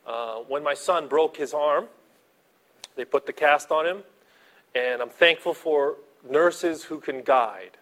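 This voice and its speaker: A man preaching a sermon as a pastor, animated, swinging between soft asides and loud emphasis. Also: fairly high pitch, slow pace.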